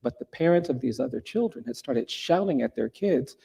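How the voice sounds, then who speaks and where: A man's voice: medium pitch, expressive, moderate pace, gravelly, warm tone, slightly rough. A middle-aged man telling a personal story in an earnest, reflective way, often restarting his sentences and rising for emphasis.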